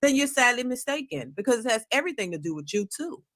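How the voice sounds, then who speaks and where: A woman's voice: fairly high pitch, very animated, fast, a bit bright. Earnest middle-aged woman giving relationship advice. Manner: earnest, preachy, repeats herself. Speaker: panel guest on a relationship talk show. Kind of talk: casual opinion talk.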